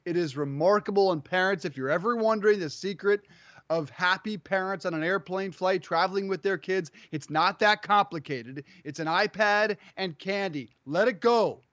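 Playful male co-host, high-pitched, dry dull home recording. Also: moderate pace, a bit bright, no room sound. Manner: playful, self-mocking. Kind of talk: casual sports show banter. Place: home studio. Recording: dull lo-fi remote audio.

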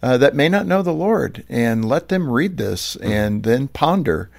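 A man's voice: mid-range voice, big pitch swings, a little slow, creaky, a little mellow. Affirming male radio host. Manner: affirming, brief interjections. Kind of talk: conversational interview.

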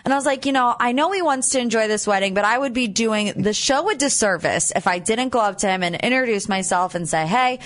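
A young woman co-hosting a morning radio show, easygoing and quick to laugh. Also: on the high side. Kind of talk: casual radio banter.

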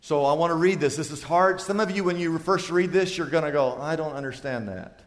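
A man preaching a sermon, acting out little dialogues and rising to sudden high, loud bursts. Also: a little fast, long reverb tail. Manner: acts out little dialogues for illustration. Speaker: pastor.

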